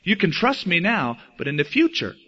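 A man preaching a sermon in an emphatic, animated way, slowing and speeding up for effect, on a dull lo-fi recording. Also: high-pitched, slightly rough. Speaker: pastor.

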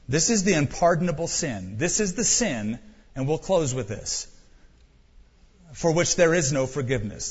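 A man's voice: medium pitch, slightly rough, long reverb tail, highs cut off. A man pastor preaching a sermon in a church, urging his listeners directly and emphatically.

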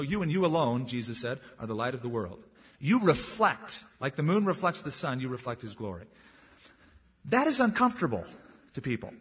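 A man preaching a sermon with emphatic stresses and words drawn out slowly for weight. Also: fairly high pitch, slightly rough. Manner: emphatic, swings between loud stresses and drawn-out slow words. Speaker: pastor. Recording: dull, lo-fi recording in a reverberant hall.

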